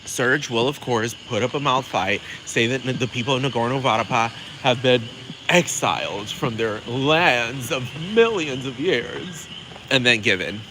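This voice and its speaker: A man delivering a sassy, profane comedic rant, rambling fast with plenty of attitude. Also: mid-range voice, lively intonation, noisy background.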